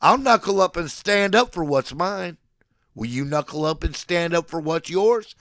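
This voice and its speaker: Gravelly man in his forties ranting. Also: fairly high pitch, animated, moderate pace, a bit bright, dry recording, clean studio sound. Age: 40s. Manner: aggressive, profane, boastful threats; swings between threats and affection. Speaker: livestreamer addressing his chat. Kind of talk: mock-sermon rant to a live chat.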